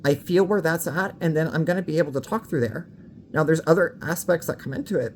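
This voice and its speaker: A woman's voice: deep voice, a little fast, a little mellow, slight background noise. A woman talking casually to camera for her vlog, frank and candid, swearing freely and a little out of breath. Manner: slightly out of breath. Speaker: vlogger.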